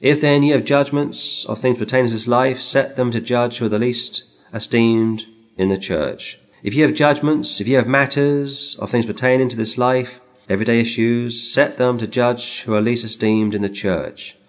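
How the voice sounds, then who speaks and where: A middle-aged man preaching a sermon, reading scripture and telling stories in an emphatic way. His voice climbs high when he reads the verses. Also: normal speed.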